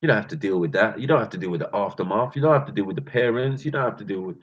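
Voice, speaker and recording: A man with a London accent gives a heated, slang-heavy rant, his voice low and husky. The sound is muffled and lo-fi, and he keeps calling out to his listeners as bruv and fam. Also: expressive, racing. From England. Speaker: channel host.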